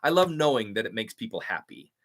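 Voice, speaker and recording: This young YouTube impressionist answers live chat in a lowish, slightly bright voice that swings widely in pitch and moves fairly quickly. He's upbeat and casual, reading out comments and thanking viewers.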